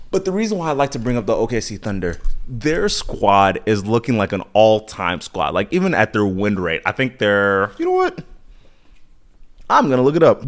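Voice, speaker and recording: Animated American man hosting a podcast. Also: mid-range voice. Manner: animated, repetitive, playful asides. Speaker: podcast host. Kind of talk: casual solo commentary.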